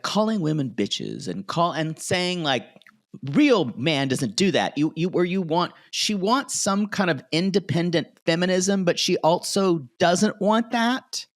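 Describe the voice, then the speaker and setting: A man co-hosting a podcast, recapping reality TV in casual chat, opinionated and animated. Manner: animated, opinionated, acts out cast members in high squealing voices. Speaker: podcast co-host.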